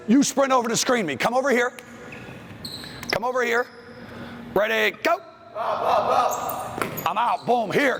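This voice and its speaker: A man coaching basketball players through plays in a school gym, calling out brisk commands. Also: extremely high pitch, big pitch swings, noisy background. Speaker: basketball coach leading a clinic. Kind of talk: on-court coaching drill instruction.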